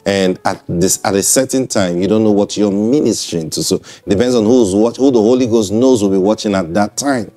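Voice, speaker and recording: A man's voice: lowish voice, fairly quick, hardly any pauses, warm tone, faint music behind. A man preaching in a broadcast sermon. He speaks conversationally, repeats himself and checks in with listeners.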